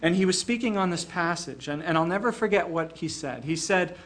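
High-voiced older man preaching. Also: expressive, fairly quick, few pauses, a bit bright. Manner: earnest, repeats small words when starting phrases. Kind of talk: sermon.

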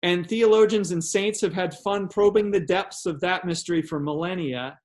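A man's voice: sits high, normal speed. A man preaching a sermon as a pastor, earnest, asking rhetorical questions and often repeating a word as he restarts.

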